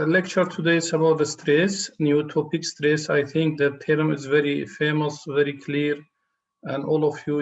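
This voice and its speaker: A man giving a recorded lecture to students, hesitant, with many fillers and restarts. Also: fairly high pitch. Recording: dull lo-fi sound.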